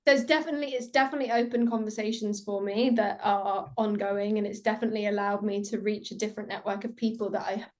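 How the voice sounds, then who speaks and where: A woman's voice: medium pitch, fairly even intonation, fast, few pauses. A woman, an actress guest, chatting casually in an interview, telling stories with lots of fillers. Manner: giggly, chatty storytelling with many fillers.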